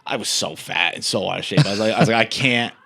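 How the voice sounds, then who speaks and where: Young man, lowish voice, rambling, stammering restarts, casual podcast chat. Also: quick pace, creaky, sharp tone. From South Coast of Massachusetts. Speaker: podcast guest.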